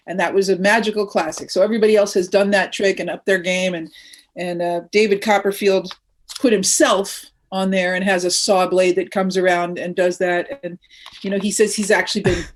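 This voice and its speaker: A woman chats casually on a comedy podcast. She recounts a story with fillers and quick, joking asides. Her voice sits at an ordinary pitch for a woman.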